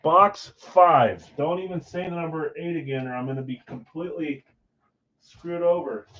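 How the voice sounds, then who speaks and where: A man's voice: fairly high pitch, normal speed, fairly bright tone. A man hosting a live card break stream, chatting casually with viewers and poking fun at his own mistakes. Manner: self-deprecating, chatty, talks to chat viewers. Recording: slightly dull lo-fi stream audio.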